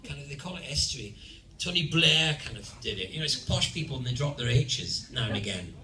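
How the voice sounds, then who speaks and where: An older man with a Scottish accent, a guest on a convention panel, tells playful stories to an audience with laughing asides. His mid-range voice is expressive, a little fast and sharp, and he sits far from the mic. The sound echoes through a large convention hall with a crowd audible.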